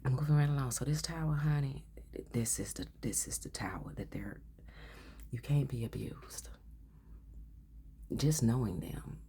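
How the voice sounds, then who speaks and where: A woman's voice: extremely low pitch, warm tone, slight background noise. A woman giving a casual tarot reading, blunt and profane, often dropping into a whisper. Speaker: tarot reader.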